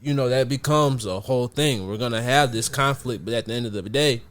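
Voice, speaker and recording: Male podcast host, mid-pitched, reflective, rambling explanations full of "like.". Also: brisk, fairly bright tone. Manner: reflective, explains at length with many fillers. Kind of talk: casual podcast chat.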